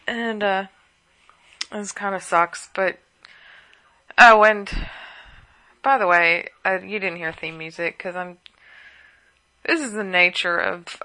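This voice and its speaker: A woman's voice: fairly low pitch, slow pace, long pauses, bright, forceful tone. Sleepy, rambling woman podcaster. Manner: chatty and rambling, with casual asides. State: sleepy and worn out. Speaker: podcast host. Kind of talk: rambling late-night podcast chat.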